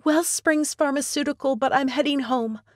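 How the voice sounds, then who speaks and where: A female narrator voicing an emotional young woman in love, speaking high, tearful and flustered. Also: normal speed, no echo, studio quality, natural voice. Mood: distraught.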